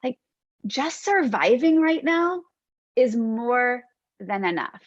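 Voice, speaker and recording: Woman host, slightly high voice, gentle and reassuring, dry dull-ish podcast audio. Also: no room sound. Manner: gentle, reassuring, unhurried lists. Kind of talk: reflective podcast monologue.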